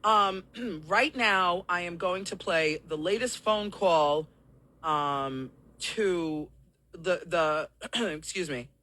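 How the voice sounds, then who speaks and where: A woman hosts a live-streamed talk show, hoarse from coughing and a little out of breath, apologizing as she explains things at length to her viewers. Her voice is fairly low, slow and sharp in tone.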